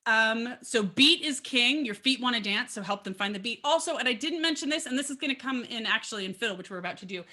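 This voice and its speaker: A woman's voice: a little high, animated, fast talker, few pauses, bright, forceful tone. A woman teaching a violin lesson in a chatty, upbeat way, with fillers and asides between demonstrations. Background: violin playing between phrases.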